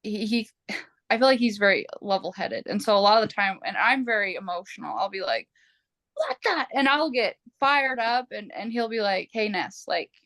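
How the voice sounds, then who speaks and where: A woman podcast host chatting casually, animated and expressive, quoting herself with big jumps in pitch. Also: moderate pace, dry recording. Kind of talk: casual conversational chat.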